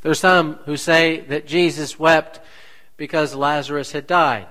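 Pastor guy preaching slow, lots of questions to the pews, kinda high voice. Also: steady tone, pushed and bright, poor audio. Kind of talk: sermon.

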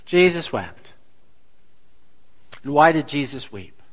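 A man preaching a sermon as pastor, slow and deliberate, asking the congregation rhetorical questions. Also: fairly high pitch, very animated, low-quality recording.

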